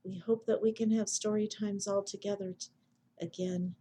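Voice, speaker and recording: A woman librarian reading picture books and singing to babies in a gentle sing-song way. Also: medium pitch, fairly even intonation, normal speed, slightly rough, poor audio. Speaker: children's librarian. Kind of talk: baby storytime reading and singing.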